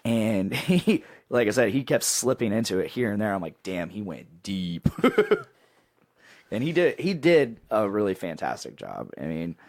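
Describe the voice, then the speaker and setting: A man's voice: lowish voice, very animated, moderate pace, a little mellow, dry recording. A man hosting a podcast in casual chat, rambling and laughing, with many restarts. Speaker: podcast host.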